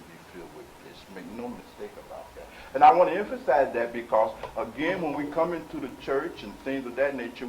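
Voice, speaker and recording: A man teaching as a spiritual leader before a live audience, emphatic, swinging from quiet asides to loud exhortation and speaking straight to his listeners. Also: medium pitch. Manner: conversational, addresses listeners directly. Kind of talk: preaching lecture with audience questions. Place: meeting room with live audience. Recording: echoey room, faint hiss.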